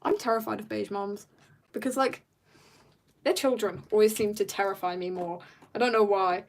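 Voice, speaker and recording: A woman's voice: mid-range voice, fairly even intonation, normal speed. A woman chatting casually and rambling in jokes while she draws on stream. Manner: rambling and jokey, drifts into soft mutters. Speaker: artist streamer. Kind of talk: casual chat while drawing.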